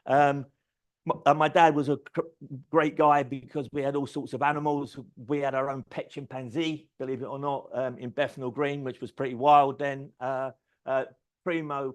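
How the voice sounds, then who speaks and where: A middle-aged man giving a keynote talk, telling lively anecdotes, swearing freely and acting out quoted conversations. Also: medium pitch, moderate pace. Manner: animated anecdotal storytelling, swears freely, acts out quoted dialogue. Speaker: conference speaker. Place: event stage.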